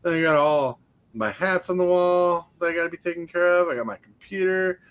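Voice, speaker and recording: A man's voice: high voice, a little fast, fairly bright tone, clear, resonant tone. A man hosting a casual live stream, chatting in a rambling way with lots of restarts. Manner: rambling, restarts a lot, laughs at own jokes. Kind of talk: casual chat. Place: home streaming setup.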